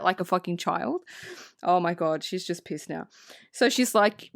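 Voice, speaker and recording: A woman co-hosting a movie podcast, recapping the film in casual, profane, animated chat and acting out bits of the characters. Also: medium pitch, unhurried, no room sound, clean studio sound. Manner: animated, swears freely, acts out characters. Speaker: podcast co-host.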